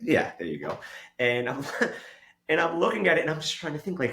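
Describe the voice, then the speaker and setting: A man telling stories in a casual podcast chat, animated, laughing and swearing often. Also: mid-range voice, fast talker, echoey room. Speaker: podcast host.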